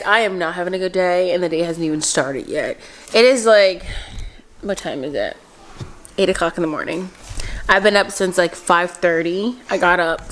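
A woman's voice: fairly low pitch, a little hiss or hum. Candid, rambling young woman vlogger. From Philadelphia, USA. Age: 20s. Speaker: mom vlogger. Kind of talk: casual vlog chat.

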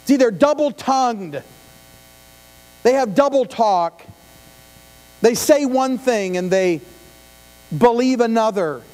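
A middle-aged pastor with an extremely high, darkish voice preaches a conversational sermon in a church sanctuary, speaking slowly and animatedly with frequent pauses. He often questions the congregation and adds asides, captured on a live church stream with long reverb and mains hum.

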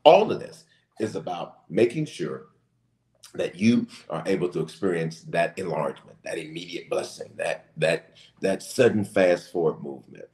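Impassioned low-voiced preaching man. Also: expressive, moderate pace, roomy sound. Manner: impassioned, rising to shouted emphasis. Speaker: bishop. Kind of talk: preaching in a church talk show.

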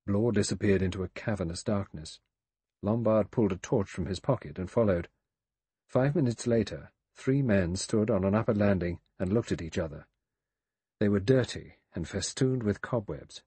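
A man narrates a mystery audiobook in a measured, grave way. His voice is husky and on the low side, recorded close and dry, with no room sound at all. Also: dark tone, no echo. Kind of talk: scripted narration.

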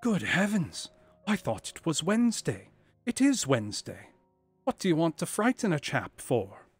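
A man's voice: a little high, wildly swooping pitch, normal speed, breathy edge, voice pushed up, exaggerated voice. A man voicing a drug-dazed, frantic young man who talks in a shaky, pleading way, over faint background music.

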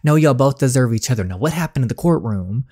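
A man giving casual reaction commentary on a story game, his voice jumping up when he reacts. His everyday pitch sits mid-range, and the sound is dry and close. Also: expressive, fast, mellow, slightly rough, no room sound. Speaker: gaming channel host.

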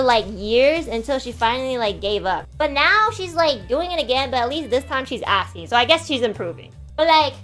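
A woman in her twenties telling a story on a live stream, animated and exasperated, swearing freely. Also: sits high. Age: 20s.

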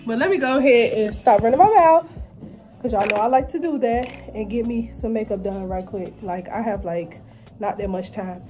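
A woman's voice: a little high, moderate pace, darkish tone, faint music behind. A young woman in a casual vlog, chatting straight to her viewers in an emotional, talkative way. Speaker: vlogger, mother. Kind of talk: casual vlog chat to camera.

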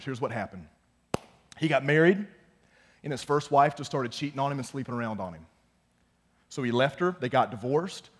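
A young man giving a youth sermon as student pastor, animated and often close to shouting. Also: medium pitch. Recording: long hall reverb.

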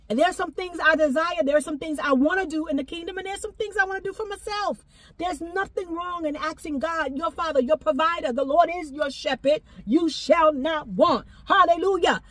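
A woman giving a fervent prophetic exhortation, repeating phrases and breaking into shouts of praise. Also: high voice, lively intonation, moderate pace, dry recording. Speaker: prophetic minister.

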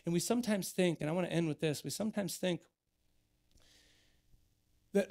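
A man's voice: sits high, normal speed, long pauses, darkish tone. A man in his thirties, a pastor preaching an earnest sermon in church that builds to emphatic exhortation.

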